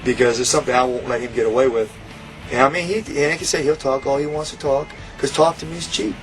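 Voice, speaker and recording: A man's voice: medium pitch, flat delivery, fast, faint music behind, low-quality recording. A man telling a story in an interview, heated and profane, acting out what was said. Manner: heated, profane, acts out quoted lines. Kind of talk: animated storytelling.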